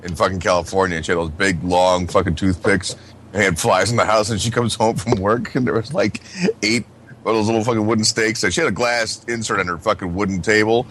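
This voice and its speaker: A man's voice: lowish voice, steady tone, fairly quick, a bit bright, a little hiss or hum. A man in casual crude chat, swearing a lot and laughing often while he tells stories. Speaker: show regular.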